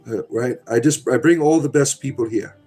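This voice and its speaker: A middle-aged man chats his way through a livestream, reading viewers' messages and riffing on them with irreverent, sardonic asides. His voice sits at an ordinary middle pitch, and soft music plays faintly behind him. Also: moderate pace. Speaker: livestream host reading chat. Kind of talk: casual livestream chat.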